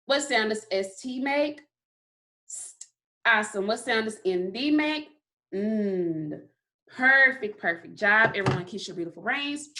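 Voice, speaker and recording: A woman's voice: a little high, animated, pushed and bright. A woman teaching a recorded phonics lesson to kindergarteners, sounding out letters and praising often. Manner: slow, encouraging, sounds out letters.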